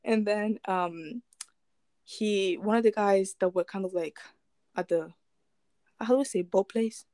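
A woman's voice: mid-range voice, a little slow, long pauses, dark tone, no echo. A woman casually retelling a true crime story, rambling with fillers, restarts and chuckling asides.

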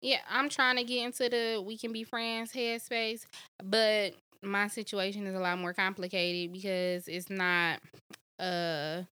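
Young female podcast co-host, bright, dry-miked, candid and animated. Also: mid-range voice, measured pace, clean tone, no echo. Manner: candid, animated storytelling with acted-out quotes. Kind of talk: casual podcast chat.

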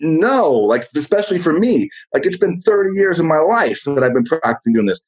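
A man as a podcast guest in casual motivational talk, blunt and profane, telling animated stories. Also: fairly high pitch, a little fast, poor audio.

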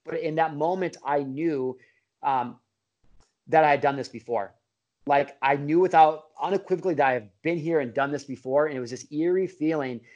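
A man's voice: fairly high pitch, moderate pace, darkish tone. A middle-aged man, a podcast guest, telling a story in a casual way, full of bro slang, fillers and restarts. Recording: dull lo-fi audio.

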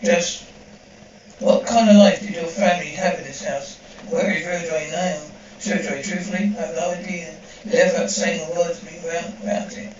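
A man's voice: a little high, fairly even intonation, moderate pace. A man reading a dubbed horror scene aloud, speaking the sound cues between the lines. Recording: distant, echoey, dull and slightly noisy.

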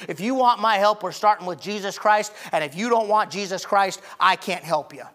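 A male pastor telling a story from the pulpit, acting out the dialogue and building to shouts. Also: high voice, moderate pace. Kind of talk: sermon storytelling.

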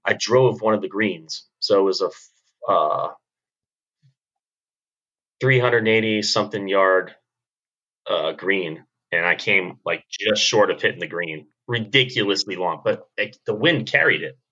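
A man's voice: on the low side, measured pace, pushed and bright, muffled recording. A man co-hosting a podcast, chatting in a laid-back way with crude jokes. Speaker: podcast co-host. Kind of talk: casual chat.

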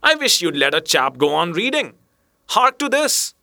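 A man's voice: sits high, sing-song, moderate pace, vocal fry, bright, forceful tone, no room sound, studio quality, pitched above the performer's own voice, heavily acted. A man voicing a dreamy, moody young male clerk who speaks abstractedly and turns snappish. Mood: irritable.

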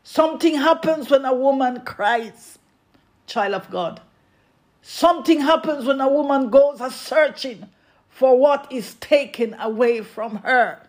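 A preacher in full sermon mode, talking at a slow, deliberate pace. The delivery leans on emphatic repetition and calls out directly to the listeners, with each line given room to land. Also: high-pitched. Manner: emphatic, repeats refrains and addresses the congregation directly.

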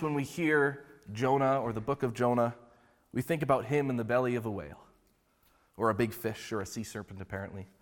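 A male pastor preaching a sermon in a relaxed, conversational storytelling way. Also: medium pitch. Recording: long hall reverb.

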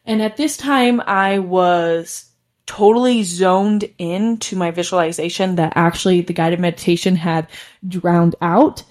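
A young woman tells her own story on a podcast in a relaxed, conversational way. Her voice sits a little low for a woman, and she often breaks into small laughs while filler words run through her telling. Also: unhurried. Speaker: podcast host. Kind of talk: casual personal storytelling.

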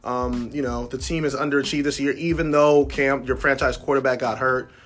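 A man's voice: mid-range voice, fairly quick, soft background music. A man co-hosting a casual sports podcast, teasing his friend and arguing his picks. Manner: teasing, animated. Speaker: podcast co-host.

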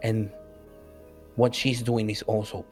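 A man's voice: on the low side, little pitch movement, slow pace, faint music behind. A man narrating a tabletop game as game master, hesitant and full of fillers.

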